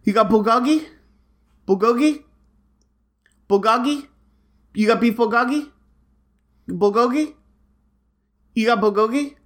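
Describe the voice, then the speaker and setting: A rambling, insistent man fires the same question over and over at a shop counter, his voice pushed higher than a normal speaking voice. A woman puts him on as she retells the story. He is pushy and oblivious. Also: a little slow, long pauses, lightly acted. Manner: repetitive, insistent. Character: rambling man customer shouting an order.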